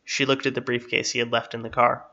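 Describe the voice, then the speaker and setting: A man reading a story aloud in steady, measured narration. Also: mid-range voice, creaky. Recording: slightly dull, lo-fi.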